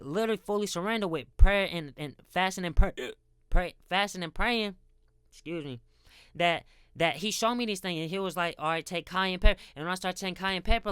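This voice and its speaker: A man's voice: high-pitched, sharp tone, clean tone, no room sound, clean studio sound. A man giving a rambling casual faith talk, often repeating words and calling his viewers guys. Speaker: Christian content creator.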